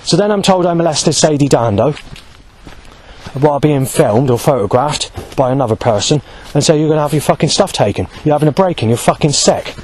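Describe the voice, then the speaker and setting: Man, agitated vlog rant, heavy profanity, restless self-correcting delivery, a bit higher pitched. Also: animated, a little fast, a little mellow, a little hiss or hum, poor audio. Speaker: vlogger. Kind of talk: angry spoken account.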